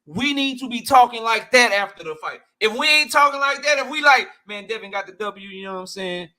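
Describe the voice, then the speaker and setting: Bright-voiced, animated male boxing vlogger. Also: very high voice, a little fast. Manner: animated, blunt, profane, heavy slang. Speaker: boxing YouTube host. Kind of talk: casual commentary, answering live chat.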